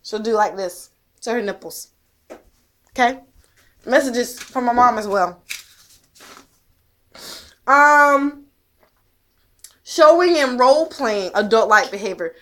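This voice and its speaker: A woman's voice: on the high side, expressive, takes it slowly, long pauses, bright, forceful tone. A mother talking straight to the camera in an intense, emphatic way, blunt and swearing, pressing her point with rhetorical questions. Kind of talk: direct-to-camera monologue.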